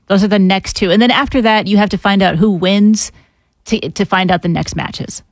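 A woman's voice: medium pitch, steady tone, moderate pace, no room sound, clean studio sound. Chatty woman radio co-host. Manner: chatty, laughs easily. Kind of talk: casual radio talk.

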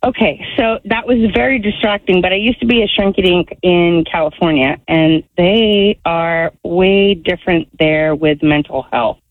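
A woman caller speaks slowly in a lowish voice, chatty yet halting, trailing off mid-thought. Her voice comes through a tinny phone line, dry and narrow. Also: dry recording. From Northport.

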